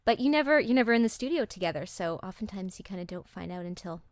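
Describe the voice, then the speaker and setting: A woman voice actor as a podcast guest, chatting in a relaxed way and trailing off softly. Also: mid-range voice, fast, dry recording, studio quality. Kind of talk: casual interview chat.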